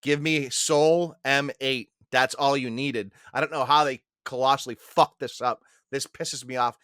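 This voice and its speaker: Male podcast co-host, bright forward voice, blunt and profane, dry booth sound. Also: medium pitch, steady tone, unhurried, no room sound. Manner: blunt, swears freely, emphatic complaints. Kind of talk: casual chat.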